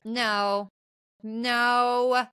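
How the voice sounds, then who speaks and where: A woman co-hosting a podcast, chatting casually about a film, blunt and expressive, acting out the characters' lines. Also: on the high side, very slow, clear, resonant tone, no echo, studio quality. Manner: animated, blunt, swears, acts out lines. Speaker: podcast co-host. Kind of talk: casual chat recapping a film.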